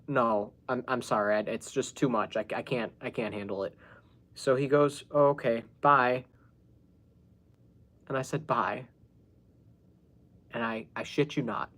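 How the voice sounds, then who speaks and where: The man's voice is medium in pitch and a bit bright. Hosting a podcast, he narrates a story casually and with exasperation, often laughing and swearing through quoted dialogue from those involved.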